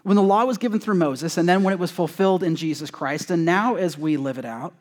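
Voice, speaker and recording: Male pastor with a high voice, casual and joking sermon delivery, acts out quotes. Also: a little fast. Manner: conversational and joking with the congregation; animated, acting out quoted voices. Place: church sanctuary before a congregation.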